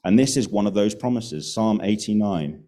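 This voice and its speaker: A man's voice: fairly low pitch, animated, moderate pace, warm tone. A man preaching a sermon in an earnest, emphatic way, repeating key phrases for stress.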